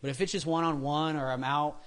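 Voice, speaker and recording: A man's voice: fairly high pitch, fairly even intonation, brisk, a bit bright, clear, resonant tone. A man preaching a casual sermon, chatty and prone to tangents, acting out what people say. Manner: chatty, goes off on tangents, acts out quotes in voices.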